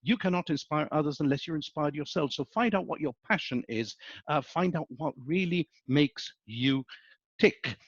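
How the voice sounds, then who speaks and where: Speaking at a moderate pace in a fairly high voice, a middle-aged business school professor tells stories during a webinar lecture and frequently asks "okay?" to check in. His delivery is lively and anecdotal. The recording lacks echo and has its highs cut off.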